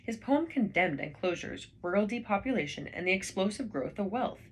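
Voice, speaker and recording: A woman reading books aloud in a calm, measured way, slowing down for verse. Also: medium pitch, breathy edge. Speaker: reader.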